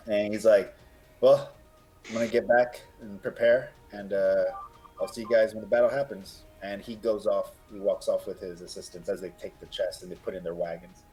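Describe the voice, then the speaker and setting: A man runs a tabletop game, describing scenes in a loose, rambling way, restarting phrases as he goes. His voice sits fairly low. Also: dark tone, low-quality recording. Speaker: game master.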